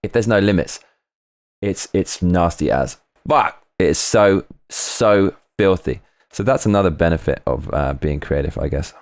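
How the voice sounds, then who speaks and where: A low, deep-voiced man hosts a casual livestream, reading out chat comments and riffing on them. His delivery rambles with restarts, and it sounds dry and close, with no room echo. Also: unhurried. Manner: rambling and animated, swinging pitch, frequent restarts. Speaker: livestream host.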